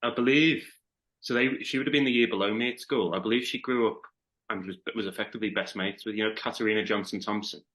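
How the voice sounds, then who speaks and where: A podcast guest from Liverpool, England, speaks with a Liverpool accent in a casual chat, talking fast in a fairly low, fairly bright voice. His intonation stays fairly even, and he is thoughtful, often restarting his sentences.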